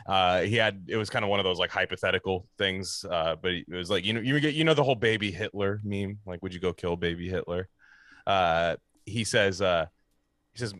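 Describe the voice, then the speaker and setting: A man in casual, crude podcast banter, dropping deadpan, profane asides. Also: low voice, a little fast, no room sound.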